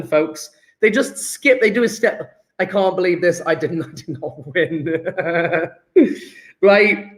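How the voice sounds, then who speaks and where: A man teaching a live online chemistry lesson, working through sums aloud in a chatty, joking way. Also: high-pitched.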